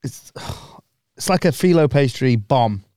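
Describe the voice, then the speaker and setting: A man's voice: mid-range voice, animated, slow, mellow, dry recording, studio quality. A young man co-hosting a casual podcast, joking, swearing and laughing often. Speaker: podcast co-host. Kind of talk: casual banter.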